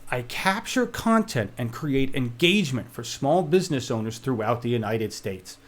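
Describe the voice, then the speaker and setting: A man co-hosting a casual web show, talking in an animated, jokey and opinionated way. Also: medium pitch, moderate pace. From Oregon. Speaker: show co-host.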